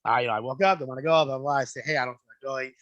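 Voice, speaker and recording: Animated man telling stories, bright dry voice. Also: medium pitch, racing, no echo, highs cut off. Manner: animated storyteller, acts out quoted voices, swears freely. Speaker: podcast guest. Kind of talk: casual storytelling chat.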